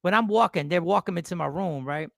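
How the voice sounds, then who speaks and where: Gravelly guy host telling a story all animated, bit high, dry sound. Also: fairly quick, no echo. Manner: animated storyteller, repeats himself. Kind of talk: casual storytelling chat.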